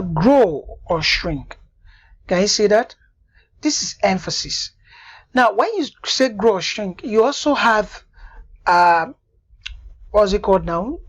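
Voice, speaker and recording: A woman giving a screen-recorded software tutorial, stopping often to check that the viewer understands. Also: mid-range voice, muffled recording. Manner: repeatedly checks "do you understand that now?".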